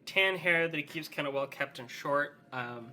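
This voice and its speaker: A man's voice: on the high side, normal speed, bright, forceful tone, a little hiss or hum. A man narrating as game master in a rambling, filler-heavy way.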